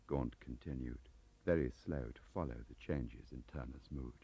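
A middle-aged man reading his novel aloud in a measured, expressive way. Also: rumbling low, breathy edge, dry recording. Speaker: author narrating. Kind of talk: audiobook reading. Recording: muffled tape audio.

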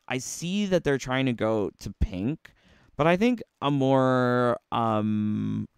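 Male gaming YouTuber, sassy costume critic, unhurried, very expressive pitch, smooth clear voice. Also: dry recording, clean studio sound. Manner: playful, sassy critique with rhetorical questions. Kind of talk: casual commentary on game costumes.

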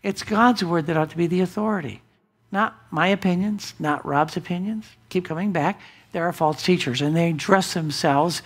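A man preaching a sermon as pastor in a church, emphatic, with big swings from loud declarations to hushed asides. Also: a little high, normal speed, creaky, slightly rough. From United States. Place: church sanctuary.

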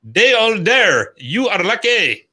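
A man's voice: high voice, big pitch swings, bright, forceful tone, breathy edge, voice pushed up, full character voice. A man voicing a cocky comic hockey player in a heavy put-on French-Canadian accent, drawn out and theatrical. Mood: boastful. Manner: slow, exaggerated, theatrical delivery.

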